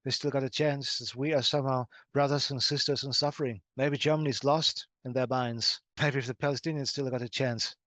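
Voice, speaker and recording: Man speaking slowly in trance, dry sound. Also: medium pitch, steady tone, a bit bright, no room sound. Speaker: hypnosis session client. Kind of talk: speaking in trance, answering questions.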